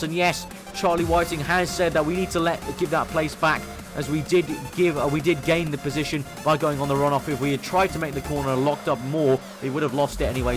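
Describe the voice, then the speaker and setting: A young man narrates his racing game lap by lap in an eager commentator's flow, his voice sitting a little higher than most men's. He gets excitable when a move comes off, and faint music runs underneath. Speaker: gaming commentator.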